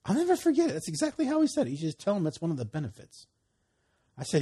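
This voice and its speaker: A husky-voiced man delivers a casual sermon in a warm, storytelling manner. His pitch leaps up and down with lively emphasis, and he repeats key phrases for weight. The tone is conversational rather than formal. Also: rapid-fire. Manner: folksy, animated storytelling with laughs and emphatic repeats. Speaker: preacher.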